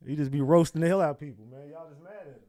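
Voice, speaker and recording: A man's voice: a little high, racing, warm tone, dry recording, studio quality. A man hosting a live news stream, talking casually in slang and repeatedly hyping up his chat. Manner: hypes the chat, slangy and repetitive. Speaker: livestream news host.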